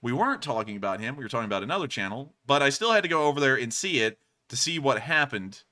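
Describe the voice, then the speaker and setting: A man in his twenties co-hosting a live stream, chatting casually and rambling with lots of fillers and restarts, deliberately raising his pitch. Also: lively intonation, sharp tone. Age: 20s. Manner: speaks in a deliberately raised pitch. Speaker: stream co-host.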